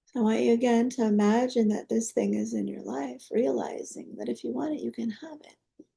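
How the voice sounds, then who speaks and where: Deep, gravelly woman leading a guided meditation. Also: fairly even intonation, normal speed. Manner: soft, coaxing, prayer-like invocations. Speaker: energy healing teacher.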